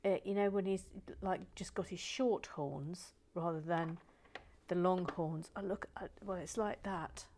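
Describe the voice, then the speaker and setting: A woman hosting a building video, chatting casually and self-deprecatingly, slipping between whispers and soft talk. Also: fairly low pitch, fairly even intonation, measured pace, slight background noise. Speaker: host of a building channel. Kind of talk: casual chat while building, partly whispered.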